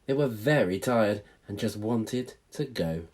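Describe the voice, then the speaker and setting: A male teacher reading a storybook aloud to children in a playful, animated way. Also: on the low side, measured pace.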